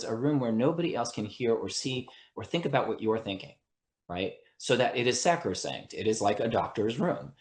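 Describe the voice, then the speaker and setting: A mid-range male voice, recorded with reverb, belongs to an attorney and mediator appearing as a podcast guest. In this explanatory interview he's earnest, often checks in with "right?" and frequently restarts sentences.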